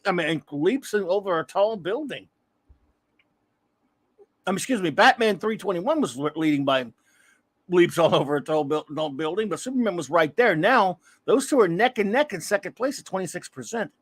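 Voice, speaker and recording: A man's voice: high voice, expressive, normal speed, slightly rough. A man hosting a casual comics livestream, talking in a rambling, self-deprecating way with many restarts. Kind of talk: casual chat.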